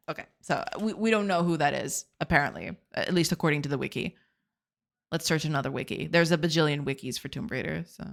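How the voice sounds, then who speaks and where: A woman's voice: low-pitched, gravelly, fairly bright tone. A woman whose first language is Portuguese, chatting casually on a game dev live stream, giggling and answering chat.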